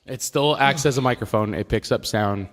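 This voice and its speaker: Male co-host, mid-pitched, dry wisecracking podcast banter. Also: moderate pace, faint music behind. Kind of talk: casual podcast chat. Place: studio apartment. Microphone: drum mic.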